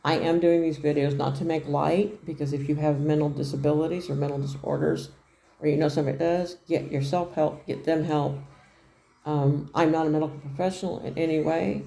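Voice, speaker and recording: A woman's voice: low-pitched, steady tone, brisk, creaky, warm tone. A middle-aged woman telling a personal story on her vlog in a plain-spoken, rambling way, often repeating herself. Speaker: vlogger.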